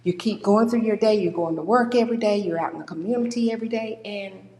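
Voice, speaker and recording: Speaking fast at a medium pitch, a woman gives a warm, conversational talk on grief in a church sanctuary, bringing the people she quotes to life with lively voices. The echoey hall adds a long reverb to the recording.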